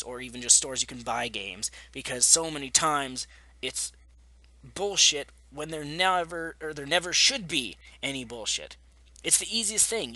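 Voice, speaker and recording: Brief: Canadian guy vlogger, sharp forceful tone, dry close sound, venting profanely with sarcastic jabs. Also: mid-range voice, dry recording. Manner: exasperated, profane, rapid-fire complaining with sarcastic asides. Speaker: gaming vlogger. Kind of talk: ranting vlog monologue.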